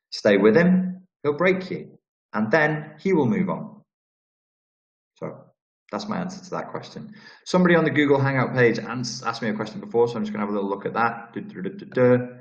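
A man with a Scouse accent hosting a live question-and-answer stream, blunt and profane, rambling with restarts. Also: on the low side. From Liverpool, England. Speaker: channel host answering viewer questions. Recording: roomy, dull lo-fi sound.

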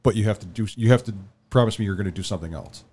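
Rambling low-voiced man telling a story. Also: racing, darkish tone. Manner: rambling storyteller, acts out quotes. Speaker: podcast co-host. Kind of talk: casual chat.

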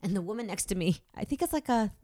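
Woman, thirties, talky actor guest, filler-heavy casual chat, mid pitch. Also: animated, quick pace, warm tone, no room sound, studio quality. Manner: chatty, self-deprecating, many "like" fillers.

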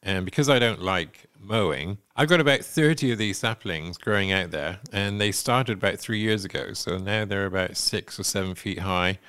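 A man co-hosting a podcast in relaxed casual chat, often agreeing. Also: low voice, moderate pace, hardly any pauses, clean tone. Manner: relaxed, many backchannel agreements. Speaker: podcast co-host.

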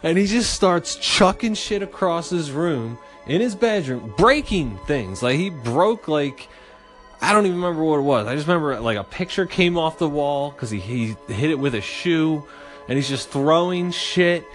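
A young man hosts his podcast with a loose, profane storytelling style. His delivery is animated and rambling, with faint music under it. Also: on the high side, moderate pace. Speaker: podcast host. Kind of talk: casual storytelling.

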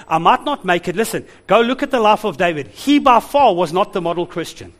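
A man preaching a sermon as pastor, animated, laughing and calling out to the congregation. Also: sits high, brisk, few pauses.

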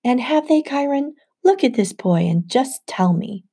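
A woman reads the part of a sneering man who runs a summer camp, impatient and mocking. He talks down to everyone in a mellow, warm tone, with a bit of added lift. It is a storybook audiobook read. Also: high voice, lively intonation, unhurried, breathy edge, pitched above the performer's own voice, full character voice. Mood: scornful. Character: impatient, scornful male camp director. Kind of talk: audiobook narration.

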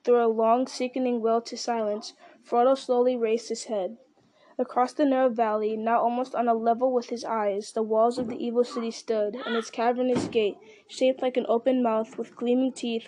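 A woman reading a fantasy novel aloud in a steady, measured voice, with the odd slip and restart. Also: fairly high pitch, dry recording. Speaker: audiobook reader. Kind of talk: storybook narration.

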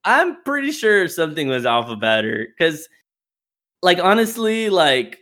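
A man's voice: on the high side, very animated, a little slow, sharp tone, rough recording. A young man hosting a casual podcast over a voice call, telling a story with plenty of laughter and swearing. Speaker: podcast host. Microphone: remote call mic.

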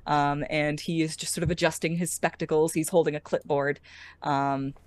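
A woman's voice: low voice, flat delivery, normal speed, darkish tone, no echo. A woman narrating as game master, rambling and hesitant with many fillers.

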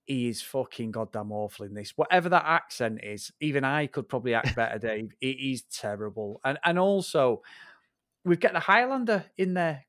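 A man in casual podcast chat, blunt and heavy on the swearing as he tears into a film. His voice sits at an ordinary middle pitch, and the recording is dry and close with no room sound. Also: lively intonation, normal speed, fairly bright tone, no room sound. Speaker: film review podcast co-host.

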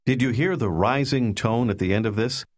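A man narrating a language lesson in scripted instructional style, calmly prompting the listener to repeat. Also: medium pitch, normal speed. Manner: calm, patient, prompting the listener.

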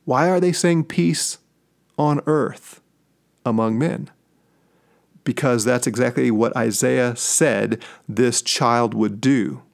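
A middle-aged man from St. Louis giving a Bible teaching on his podcast, stressing key words by slowing down or whispering them. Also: medium pitch, vocal fry. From St. Louis, USA. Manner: emphatic, slows down and drops to a whisper on key words. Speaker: podcast host.

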